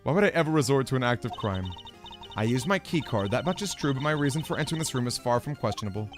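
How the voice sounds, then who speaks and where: A man voicing a guarded female committee member in a game, speaking in a measured, quiet, evasive way. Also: mid-range voice, expressive, music in the background, lightly acted.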